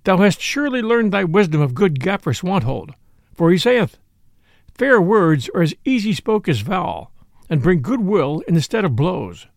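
A man's voice: sits high, big pitch swings, moderate pace, gravelly, no echo, studio quality, heavily acted. Robin Hood, a jolly outlaw, as a man reads him. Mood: merry. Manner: archaic, courtly old-fashioned speech. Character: jolly bold male outlaw leader, merry and shrewd.

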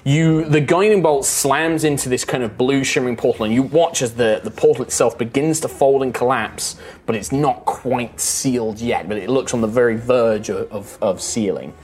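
A man's voice: medium pitch, moderate pace, a little mellow, slight background noise. A man narrating as game master, casual and full of ums and restarts.

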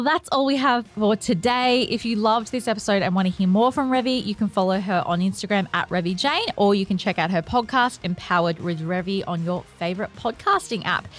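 A woman hosting a podcast, chatting in a casual, upbeat way. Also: medium pitch. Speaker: podcast host.

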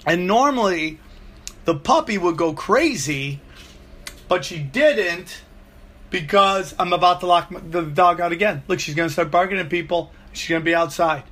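A man with a fairly high, bright voice rambles through a crude comic story. He swears freely and often jumps pitch for emphasis. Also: moderate pace. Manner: profane, rambling, animated storyteller. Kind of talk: comedic rambling monologue.

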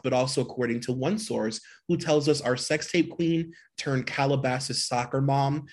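A man's voice: medium pitch, moderate pace. A man co-hosting a podcast, reading gossip blind items in a mocking tone and chatting casually. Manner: reads aloud in an exaggerated, mocking tone, laughs easily. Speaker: podcast co-host.

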